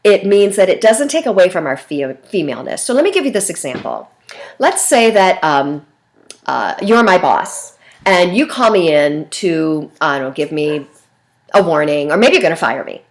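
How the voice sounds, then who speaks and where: A middle-aged woman teaching a class in a relaxed, chatty lecture style. Her pitch rises and falls a lot as she talks, and she keeps checking in with "right?" and "okay?" between points. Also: moderate pace. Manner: lively, conversational, frequent "right?" checks. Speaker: instructor. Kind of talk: recorded lecture.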